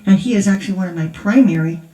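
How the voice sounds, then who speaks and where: Faint music plays behind a grandmother who talks quickly in a warm, mid-range voice. She's an older woman giving a chatty, laughter-filled storytelling testimony at a conference, and the large church hall leaves her sounding echoey and distant.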